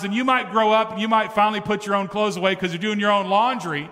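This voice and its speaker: A man's voice: high-pitched, steady tone, fast talker, few pauses, bright, forceful tone. A man preaching a sermon as pastor, talking to the congregation in an emphatic, conversational way that builds in intensity. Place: church sanctuary. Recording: reverberant church hall.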